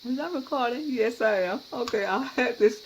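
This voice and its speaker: A woman's voice: a little high, normal speed. A woman hosting a cooking channel, talking casually and enthusiastically as she shows and tastes her dish. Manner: chatty and enthusiastic, tastes food on camera. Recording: noisy kitchen with clattering dishes.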